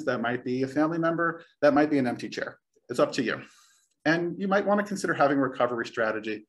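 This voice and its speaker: A young man giving a friendly, reassuring talk on public speaking, sometimes joking at his own expense. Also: mid-range voice. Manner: friendly, reassuring, occasionally self-deprecating. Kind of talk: recorded talk.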